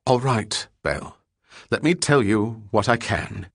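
A man's voice: lowish voice, slow, no echo, studio quality. A man voicing a haughty, evasive male diplomat who blusters in an imperious way. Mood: haughty, uneasy.

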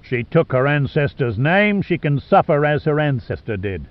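A man voicing a cold, sadistic wealthy villain who speaks in a slow, smooth, higher voice. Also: big pitch swings, no room sound, highs cut off. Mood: cold menace. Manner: slow, smooth and raised in pitch.

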